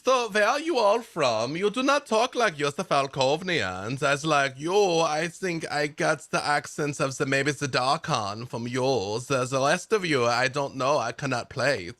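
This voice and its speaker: A man's voice: medium pitch, moderate pace, a bit bright, pitched above the performer's own voice, close to an everyday voice. Man putting on a chatty old woodland woman. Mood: kindly. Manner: broken foreign-sounding put-on accent.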